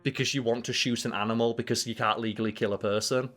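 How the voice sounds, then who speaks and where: A man's voice: mid-range voice, fairly even intonation, quick pace, a bit bright, soft background music. A man co-hosting a podcast, riffing and joking profanely in casual chat. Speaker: podcast co-host.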